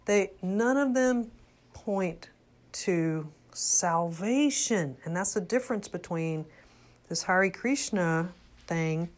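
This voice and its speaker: An older woman giving an earnest, unscripted religious talk, halting with frequent restarts. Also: lowish voice, lively intonation. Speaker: religious commentator.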